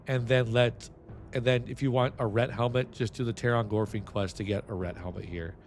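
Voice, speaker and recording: A man's voice: mid-range voice, fairly even intonation, fairly quick, faint music behind. Rambling streamer guy. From San Antonio, Texas. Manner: rambling, restless, swears freely. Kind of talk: casual stream chat.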